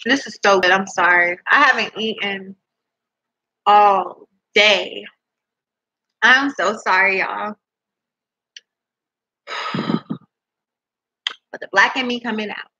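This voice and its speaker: A woman's voice: medium pitch, takes it slowly, long pauses, pushed and bright, low-quality recording. A young woman vlogging casually from home into her laptop, chatty and rambling, eating as she talks and swearing in disbelief. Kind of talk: casual chat to camera. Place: at home indoors. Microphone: laptop microphone.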